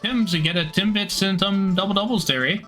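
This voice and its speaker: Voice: mid-range voice, fairly quick, pushed and bright, soft background music, pitched above the performer's own voice, close to an everyday voice. A streamer putting on an exaggerated Canadian accent as a folksy, over-friendly guy who tags every line with "there" and "eh". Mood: folksy teasing. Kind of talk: joking voice while livestreaming a game.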